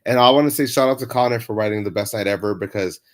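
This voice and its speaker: A man's voice: lowish voice, quick pace. A man co-hosting a casual talk show, laid-back and laughing easily. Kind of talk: casual chat.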